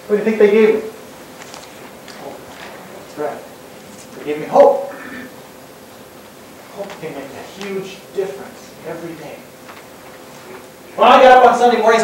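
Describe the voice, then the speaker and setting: A high-voiced man delivers a motivational talk, stacking repeated phrases and rhetorical questions. He sounds far from the mic, in a hall that rings with heavy echo and a faint hiss. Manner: rhetorical questions, repetitive build-ups. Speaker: speaker. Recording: very echoey hall, distant mic, faint noise.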